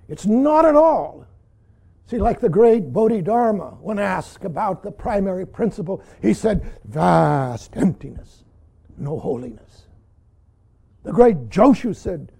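An older man giving a Zen dharma talk as teacher, who keeps saying "see" and swings between loud emphasis and hushed whispers. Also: high-pitched, creaky, breathy edge.

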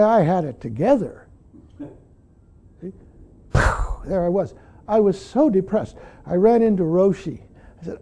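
A man's voice: high-pitched, vocal fry, mellow. An older man, a Zen teacher, giving an earnest dharma talk that keeps returning to "see". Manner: earnest, frequently says "see".

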